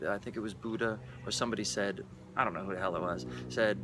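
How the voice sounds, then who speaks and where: A man's voice: fairly low pitch, steady tone, fast talker, background noise. A man vlogging about spirituality in a loose, irreverent monologue, often tossing in "right?". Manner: irreverent, keeps asking "right?".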